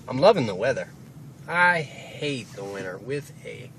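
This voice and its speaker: Young male vlogger, rambling, profane talk from a moving car, clear road noise under the phone mic. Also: mid-range voice, very animated, measured pace, fairly bright tone. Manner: rambling, swearing, offhand. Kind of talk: casual rambling vlog. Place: inside a car, driving. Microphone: phone camera held while driving. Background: engine and road noise.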